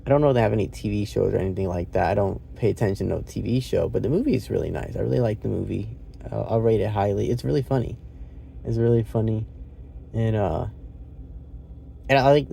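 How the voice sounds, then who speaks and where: A man's voice: on the low side, brisk, vocal fry, dark tone, slight background noise. Rambling, casually swearing man reviewing a film. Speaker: movie reviewer.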